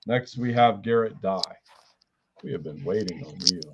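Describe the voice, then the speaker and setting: Over a noisy background and dull lo-fi stream audio, a low-pitched man speaks at normal speed as he delivers a blunt psychic reading. A psychic reader and healer, he relays messages he claims come from spirits, calls in angels and quietly counts under his breath.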